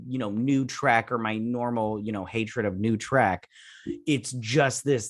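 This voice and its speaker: A man talks through a review in a loose, rambling way, with his frustration showing through constant restarts and fillers. His voice sits at an ordinary middle pitch. The sound is dry and close, with no room around it. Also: no echo. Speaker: YouTube review host. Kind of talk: casual spoken review.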